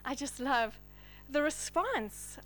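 A woman pastor delivering a sermon, swinging between loud, forceful declarations and hushed whispers. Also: sits high, sing-song, slow, slight background noise.

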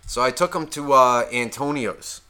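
Bright-voiced, excitable podcast host. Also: male voice, medium pitch, normal speed, clean tone. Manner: animated storytelling, constant swearing. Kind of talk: casual chat.

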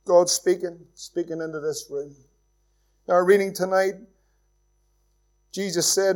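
A man with a Northern Irish accent preaching an evening sermon as pastor, earnest, swinging between loud emphasis and hushed, quiet passages. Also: high voice, fairly even intonation, measured pace, pauses often.

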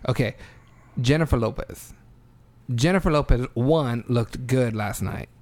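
A man's voice: medium pitch, measured pace, crowd noise. A man hosting a podcast in casual chat, loose and profane, calling everyone bro and dude. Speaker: podcast host.

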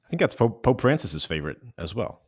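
A man's voice: lowish voice, big pitch swings, quick pace, breathy edge, no room sound. A man hosting a podcast, chatting casually and rambling with lots of filler words. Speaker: podcast host. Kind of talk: casual chat.

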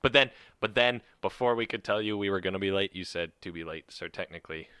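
Male podcast host, lowish voice, rambling, lots of ums. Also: pushed and bright, clean tone, no echo, clean studio sound. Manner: rambling, halting with many fillers. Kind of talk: casual chat.

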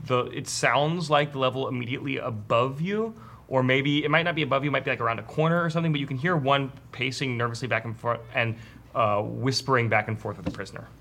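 Bright-voiced man running a tabletop game. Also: medium pitch, fast talker, creaky, a little hiss or hum. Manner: rambling, self-correcting narration. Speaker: game master.

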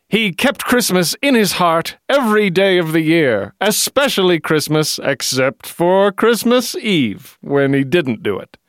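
A man narrating a comic storybook tale in a mock-solemn, halting way. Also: a little high, dry recording.

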